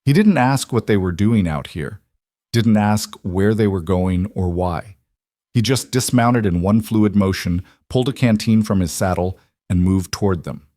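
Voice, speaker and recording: A man narrating a western story in a measured, dramatic storytelling manner. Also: on the low side, dark tone, no echo, clean studio sound. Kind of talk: scripted narration.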